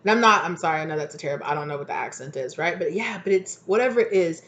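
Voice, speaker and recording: A woman's voice: on the low side, lively intonation, quick pace, hardly any pauses, fairly bright tone. A woman reading tarot cards in a casual, chatty way, often checking in with "right?" and "exactly". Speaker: tarot reader.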